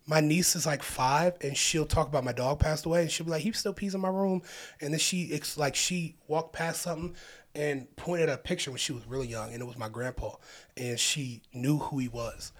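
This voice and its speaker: Animated man telling stories, slightly high. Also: brisk. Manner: animated storyteller, laughs often. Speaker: guest comedian. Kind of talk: casual podcast storytelling.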